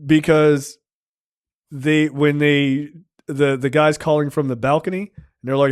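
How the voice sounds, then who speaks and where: A man's voice: on the high side, a little slow, clean tone, dry recording, clean studio sound. A man hosting a film review podcast, retelling scenes casually with lots of swearing. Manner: profane, animated scene-by-scene retelling. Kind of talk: casual chat.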